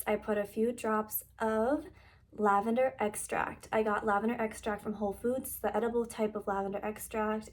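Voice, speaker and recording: A young woman talking to camera in a casual vlog, soft, relaxed and heartfelt. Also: medium pitch. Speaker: lifestyle vlogger.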